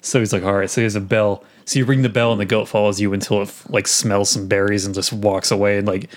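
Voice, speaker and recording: A man co-hosting a casual podcast chat about video games, rambling and animated as he retells scenes. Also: fairly low pitch, fast talker. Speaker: podcast co-host.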